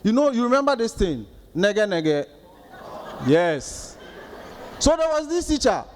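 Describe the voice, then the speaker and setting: Ghanaian man, 30s, stand-up comic, very high voice, animated storyteller, faint hiss behind. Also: a little slow. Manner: animated storytelling, acting out others' outbursts. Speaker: comedian. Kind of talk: stand-up comedy.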